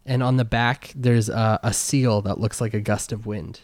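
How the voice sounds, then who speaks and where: A man narrating a tabletop game as game master, talking in halting, filler-heavy bursts. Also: on the low side, fairly even intonation, a little mellow, dry recording.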